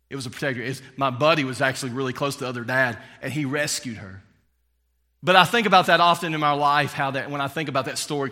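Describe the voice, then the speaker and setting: Man, pastor, bright voice, casual storytelling sermon, long hall reverb. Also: medium pitch.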